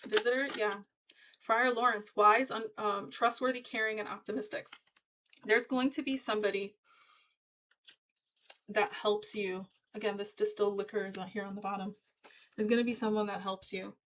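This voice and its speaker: A woman's voice: mid-range voice, fairly even intonation, normal speed, long pauses, a bit bright, rough recording. A woman giving a casual tarot reading to her viewers, talking in a chatty, emphatic and encouraging way. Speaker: tarot reader.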